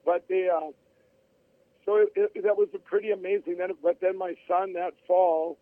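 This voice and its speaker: Middle-aged male guest on a phone line, higher voice, dry close sound, rambling storyteller. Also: level tone, moderate pace, dry recording. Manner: rambling, with many restarts and acted-out quotes. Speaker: interview guest. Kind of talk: telling his life story in an interview. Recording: tinny phone-line audio.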